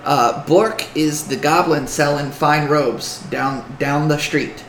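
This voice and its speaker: A man's voice: on the high side, fairly even intonation, takes it slowly, fairly bright tone, echoey room, a little hiss or hum, pitched below the performer's own voice, low-quality recording. A man voicing a nervous male halfling dealer who stammers and pleads in a tabletop game. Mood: nervous pleading.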